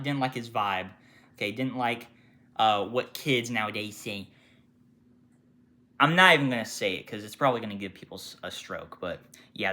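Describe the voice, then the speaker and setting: Young male retail worker venting on camera, animated and bright, heavy swearing. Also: mid-range voice. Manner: profane, animated, mimics customers with sudden shouts. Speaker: retail worker telling customer stories. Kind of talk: casual storytime rant.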